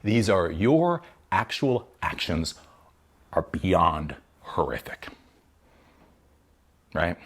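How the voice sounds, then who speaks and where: A man's voice: low-pitched, big pitch swings, very slow, pauses often, breathy edge. A man hosting his own channel, delivering a heated, profane, sarcastic commentary rant to camera. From United States. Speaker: tech channel host giving commentary.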